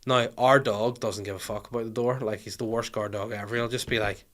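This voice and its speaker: Lively Northern Irish man telling stories. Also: fairly low pitch, a little fast. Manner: animated, swears freely, acts out voices in anecdotes. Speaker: podcast host. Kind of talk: comic storytelling chat.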